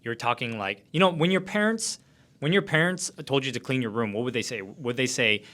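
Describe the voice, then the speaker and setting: A man co-hosts a casual podcast, jumping in with eager agreement and brisk explanations. His voice is bright and forward, at a mid pitch. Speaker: podcast co-host.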